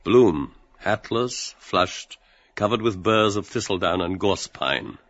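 Deep dry male narrator. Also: lively intonation, slow pace, fairly bright tone, highs cut off. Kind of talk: scripted narration of stage directions.

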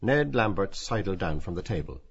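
Male audiobook narrator, measured and expressive; low, husky, dull recording.

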